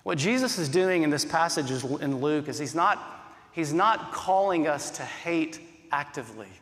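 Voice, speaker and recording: A man's voice: a little high, animated, moderate pace, a bit bright. Earnest preaching man in a reverberant hall. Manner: earnest, rhetorical questions, conversational. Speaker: pastor. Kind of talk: sermon.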